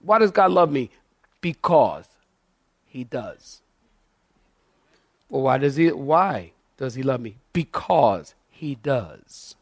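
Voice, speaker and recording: A male pastor preaching a sermon in church, animated and calling out to the congregation for responses. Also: medium pitch, a little slow, hardly any pauses.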